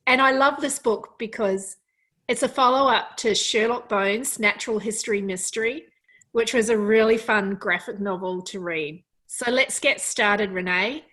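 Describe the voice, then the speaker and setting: A woman's voice: medium pitch, moderate pace, bright, forceful tone, low-quality recording. A woman interviewing an author, enthusiastic and full of compliments. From Australia. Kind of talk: interview hosting.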